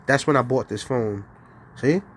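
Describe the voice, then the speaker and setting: A man's voice: mid-range voice, unhurried, slight background noise. A man ranting on a livestream, heated and profane, laughing between lines. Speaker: livestream host.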